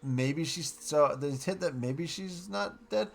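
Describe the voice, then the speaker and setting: Casting: man, slightly higher voice, loose rambling reviewer, gets excited retelling scenes. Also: slow pace, gravelly. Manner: rambling, excited, quotes characters in passing. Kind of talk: casual recap and review.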